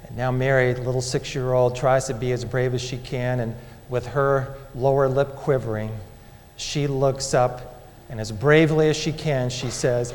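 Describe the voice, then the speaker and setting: A man preaching a sermon as a dramatic story, moving between loud and hushed delivery. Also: medium pitch, steady tone, moderate pace, slight background noise. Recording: long hall reverb.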